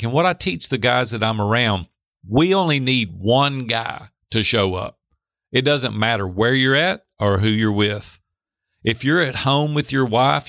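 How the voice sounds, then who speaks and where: A middle-aged man telling a candid, animated personal story as a guest in a faith-based talk. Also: medium pitch, creaky, no room sound, clean studio sound. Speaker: podcast guest.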